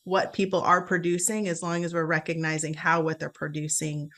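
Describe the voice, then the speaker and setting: A woman's voice: low-pitched, little pitch movement, brisk, a bit bright. A woman panelist making a thoughtful point in a casual chat.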